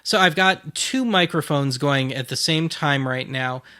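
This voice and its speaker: A man's voice: a little high, a little slow, sharp tone. A man hosting a casual gear demo, explaining things in a rambling, self-deprecating way into a dynamic mic on a stand. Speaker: host.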